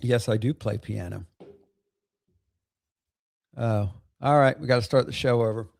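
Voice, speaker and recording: A man's voice: mid-range voice, moderate pace, long pauses, a little mellow, no echo. A man hosting a casual livestream, rambling with many fillers and bursts of laughter. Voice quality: gravelly, creaky. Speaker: livestream host.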